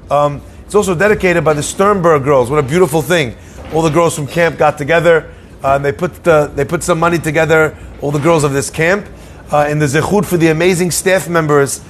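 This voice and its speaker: A man, a rabbi, giving a Torah class, telling a Talmud story and acting out its dialogue. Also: a little hiss or hum. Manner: storytelling, acts out dialogue with raised pitch. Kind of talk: Torah lecture.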